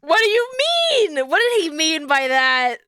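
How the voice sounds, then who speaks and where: A woman's voice: sits high, animated, unhurried, sharp tone, no room sound, clean studio sound. A young adult woman streamer chatting casually, rambling, swearing freely and laughing often. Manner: giggly, profane, rambling.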